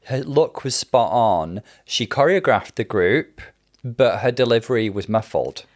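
A man's voice: medium pitch, expressive, unhurried. A man co-hosting a casual chat, chatty and opinionated, with gushing asides. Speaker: podcast co-host.

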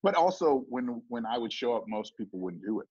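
Husky-voiced man telling a rowdy story. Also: mid-range voice, brisk, no echo. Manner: animated, swearing, acts out quotes in raised voice. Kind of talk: casual storytelling with acted quotes. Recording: dull lo-fi.

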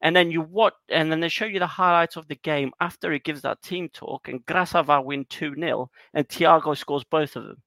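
A man co-hosting a podcast, retelling things in a rambling, animated way with lots of fillers. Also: a little high, moderate pace, few pauses, no echo. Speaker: podcast co-host. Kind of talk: casual chat.

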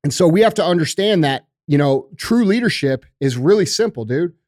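A man's voice: on the high side, expressive, brisk, a little mellow, dry recording, studio quality. A man on a podcast talking about leadership in an intense, fiery way, swearing often and calling people bro and dude. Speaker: podcast guest. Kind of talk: casual podcast interview.

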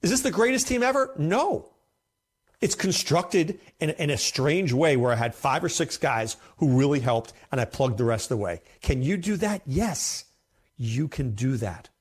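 A man's voice: on the high side, animated, moderate pace, breathy edge. A man hosting a fantasy football show, talking casually and emphatically, often repeating himself for effect. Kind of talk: casual commentary to camera.

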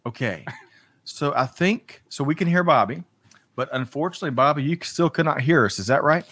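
A man's voice: a little high, animated, a little fast, fairly bright tone, dry recording. A man hosting a live talk show, greeting viewers by name in an upbeat way with a few stumbles. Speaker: host.

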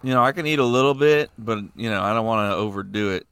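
A man's voice: lowish voice, fast, a bit bright, clear, resonant tone, dry recording. A young man hosting a podcast, chatting casually with many fillers and jokes. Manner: rambling, filler-heavy, joking. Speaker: podcast host. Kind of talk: casual chat.

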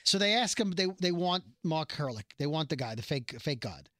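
A man co-hosting a podcast and recapping a TV episode in casual chat, animated and quick to slip into character voices when he quotes. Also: fairly high pitch, no echo, clean studio sound.

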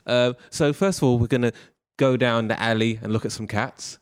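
A man's voice: mid-range voice, fairly even intonation, moderate pace, clean tone, dry recording, studio quality. A man hosting a casual podcast, playful and jokey, often laughing. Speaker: podcast host. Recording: music playing behind.

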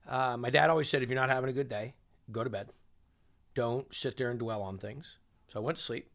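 A man, a chef and TV host, speaking as a guest in an interview and telling stories in a lively way, acting out other people's lines. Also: medium pitch, a little fast. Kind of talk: animated storytelling.

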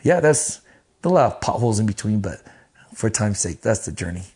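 A man telling stories as an interview guest, animated and profane, acting out the voices of the people he quotes. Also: on the low side, a little fast. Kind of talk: casual storytelling in an interview.

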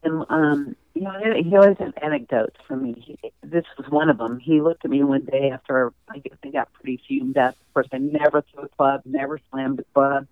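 A woman's voice: rumbling low, brisk, hardly any pauses, no echo. A woman guest telling stories in a chatty, conversational way during an interview, laughing easily. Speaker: interview guest, former golf champion. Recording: tinny phone line.

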